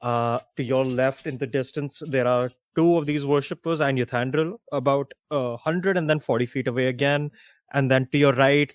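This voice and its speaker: A man's voice: medium pitch, no echo. A man narrating as game master for a tabletop game, casual with lots of fillers.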